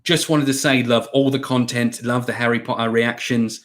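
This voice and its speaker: A man's voice: medium pitch, fairly even intonation, moderate pace, a bit bright. A man co-hosting a casual live stream at home, reading out viewer comments and rambling through his answers with frequent fillers and laughs.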